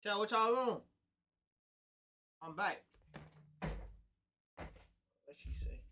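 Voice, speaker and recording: A man's voice: sits high, expressive, very slow, background noise. A young man livestreaming in casual chat, blunt and profane, often breaking into laughs.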